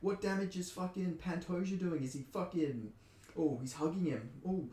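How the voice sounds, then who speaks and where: A fairly high-pitched male voice with a dark tone, at normal speed, belongs to an Australian MMA commentator from Perth. He's ranting, heated and profane, convinced a fight decision was a robbery, and the recording is reverberant.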